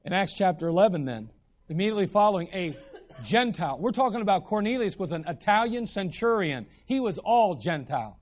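A man preaching a sermon in an animated way, acting out the voices in the stories he retells. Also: high voice, fairly quick, highs cut off.

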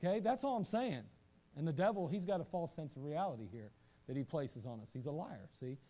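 A man preaching a sermon, animated, asking rhetorical questions and acting out quoted voices, at times rising to shouts. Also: a little high, brisk. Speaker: pastor.

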